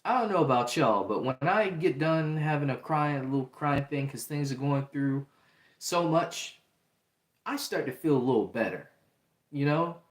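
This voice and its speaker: A man's voice: fairly high pitch, expressive, moderate pace. Earnest man talking on a livestream. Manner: earnest, repetitive, reads out chat comments. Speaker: livestream host. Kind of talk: casual livestream talk. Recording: roomy echo.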